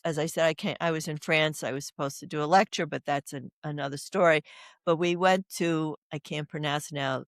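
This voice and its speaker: A woman's voice: low voice, dry recording, studio quality. An older woman, an oncology doula, talking as a guest on a podcast. She wanders through stories and anecdotes in a casual, earnest way. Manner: rambling, anecdotal storyteller.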